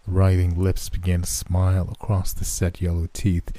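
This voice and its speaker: A man narrating a horror story in a slow, measured way. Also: low voice, completely flat delivery, warm tone, no echo.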